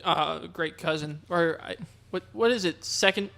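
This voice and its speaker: A young man from the Southern United States co-hosting a podcast, chatting casually and throwing in quick sarcastic quips. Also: fairly high pitch, creaky, a bit bright. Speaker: podcast co-host. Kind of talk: casual chat.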